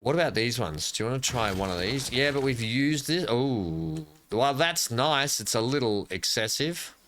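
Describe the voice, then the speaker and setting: A man with an Australian accent talks through a building game in loose, rambling commentary. His voice is bright and forward, at a middle pitch for a man. He jokes and answers his own questions as he goes. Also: expressive, normal speed. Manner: rambling, playful, talks to himself. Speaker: gaming channel host. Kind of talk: casual gameplay commentary.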